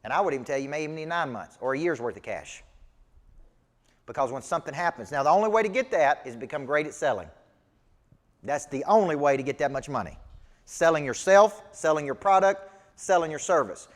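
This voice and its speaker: A fast-talking man with medium pitch and lively intonation speaks in a Southern US accent inside a large hall. His live motivational business coaching talk is emphatic, folksy and preachy, and he quizzes the audience throughout.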